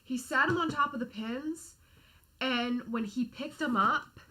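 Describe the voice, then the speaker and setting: A woman co-hosting a live chat show, recounting events in an animated, profane way. Her voice sits a little higher than most women's. She talks in a loose, casual manner full of fillers. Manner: animated storytelling, swears freely. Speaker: podcast co-host.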